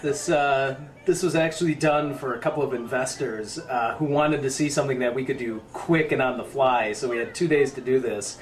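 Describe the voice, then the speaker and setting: Dry, self-mocking man. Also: medium pitch. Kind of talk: casual commentary chat.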